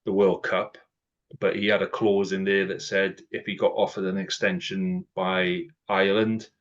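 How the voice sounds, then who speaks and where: A man's voice: low voice, level tone, moderate pace. A man co-hosting a podcast in a casual, chatty way, acting out quoted exchanges as he goes. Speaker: podcast co-host. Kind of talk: casual chat. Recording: dull lo-fi sound.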